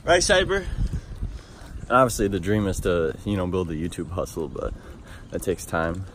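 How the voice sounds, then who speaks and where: A man's voice: low voice, expressive, moderate pace, noisy background. A young man vlogging casually outdoors, chatty and laughing at his own jokes while talking to his dogs. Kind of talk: casual vlog chat.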